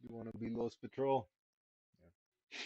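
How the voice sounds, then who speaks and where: A man's voice: mid-range voice, flat delivery, unhurried, no room sound. A man giving casual live commentary while streaming a game, laid-back and profane, sighing often. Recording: dull lo-fi stream mic.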